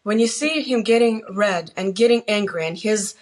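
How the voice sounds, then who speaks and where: A woman's voice: medium pitch, moderate pace. A middle-aged woman talking casually, telling stories and giving plain-spoken, earnest advice as a guest on her daughter's channel. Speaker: guest, host's mother. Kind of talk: casual conversation.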